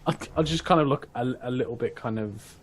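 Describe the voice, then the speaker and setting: A man's voice: mid-range voice, a little fast, a little hiss or hum. A man taking part in a tabletop game, hesitant and full of fillers. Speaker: player. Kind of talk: casual tabletop play.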